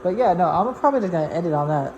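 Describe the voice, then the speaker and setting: A woman's voice: fairly low pitch, expressive, racing, a little mellow, muffled recording. A woman giving casual unboxing commentary at home, chatty and slangy, talking to a robot vacuum as if it were a person. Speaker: product reviewer. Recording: noisy home recording.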